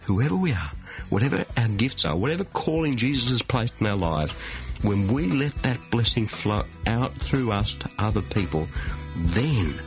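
A man preaching a sermon from a studio, emphatic, pausing for effect and asking rhetorical questions. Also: lowish voice, sing-song, music in the background.

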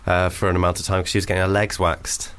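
A man's voice: sits low, level tone, quick pace, a bit bright, clean tone. A man co-hosting a podcast, joking and rambling in casual banter. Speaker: podcast co-host.

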